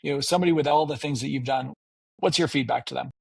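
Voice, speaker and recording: Male podcast host, gravelly, dry close sound, eager interviewer who restarts his phrases. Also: mid-range voice, fast, no room sound. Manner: enthusiastic, repeats words when starting sentences. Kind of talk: casual interview.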